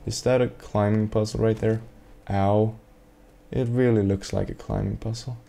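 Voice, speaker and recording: A man's voice: on the low side, measured pace, vocal fry, a little mellow. A man giving sarcastic, rambling gameplay commentary to himself, swearing often, at a desk microphone. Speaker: let's play gamer.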